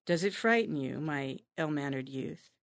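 A woman's voice: sits low, lively intonation, moderate pace, no echo, studio quality. A woman reading aloud as a passionate, brooding young male poet, dramatic and impassioned.

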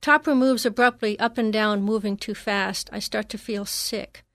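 A woman reads a first-person memoir in a measured, reflective voice. Her pitch sits in the middle of the female range, and the recording is dry and close with no room echo. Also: steady tone, fairly bright tone. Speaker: narrator.

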